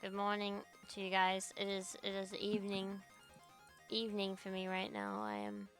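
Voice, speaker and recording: In a monotone at moderate pace, a young woman from Australia chats casually as a VTuber from her home computer, her talk rambling, profane and ranty. The mid-range voice is a bit bright, and soft background music plays.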